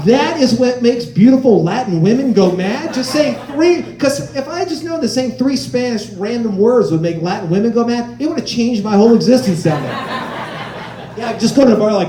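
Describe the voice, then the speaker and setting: A man's voice: very high-pitched, sing-song, normal speed, warm tone, echoey room, distant mic. A man performing a stand-up comedy set, telling stories and acting out other people's voices.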